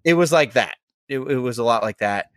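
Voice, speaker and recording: A man co-hosts a podcast, telling a story in a rambling, casual chat packed with fillers. His medium-pitched voice is lively in intonation, fairly quick and fairly bright. The recording is studio quality with no room sound.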